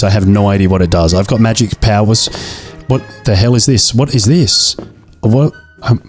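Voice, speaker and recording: A young man with a low voice commentates his gameplay in a jokey, mock-tragic way and groans theatrically at his own mistakes. Faint game music plays behind him. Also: darkish tone. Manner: mock-dramatic, self-pitying, jokey. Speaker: gaming video creator. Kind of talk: let's-play commentary.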